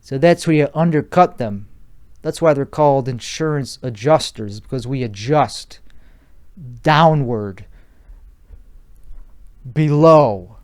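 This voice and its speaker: A man's voice: medium pitch, slow pace, pauses often. A man hosting a solo podcast, rambling through a crude comedic riff with restarts and swearing. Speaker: podcast host.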